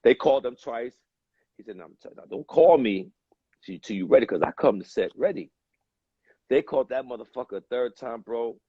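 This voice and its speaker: A man talks in a husky, slightly breathy voice and tells his story at an easy, meandering pace, often stopping on fillers. The sound is dull and a little lo-fi, dry and close with no room around it. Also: medium pitch, lively intonation, a little fast, warm tone, no echo. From United States. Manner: laid-back, rambling with many fillers. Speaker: guest. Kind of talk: casual storytelling.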